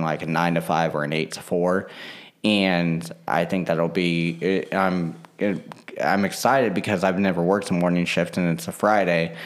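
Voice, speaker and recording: Very deep-voiced rambling man. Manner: rambling, full of fillers and restarts. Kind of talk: casual monologue.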